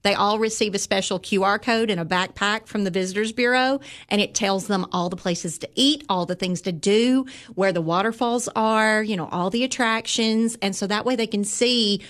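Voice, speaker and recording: A woman's voice: mid-range voice, moderate pace, hardly any pauses, a bit bright. Chatty Southern woman, upbeat storyteller. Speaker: visitors' bureau guest. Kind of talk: casual interview chat.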